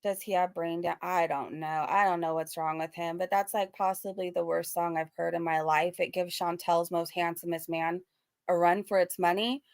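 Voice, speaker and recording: A woman hosting a reaction channel gives casual, sarcastic commentary, laughing between remarks, with what she calls a valley girl sound. Her voice is low-leaning, steady, clear, and resonant at a normal speed. The recording is clean studio sound with no room echo.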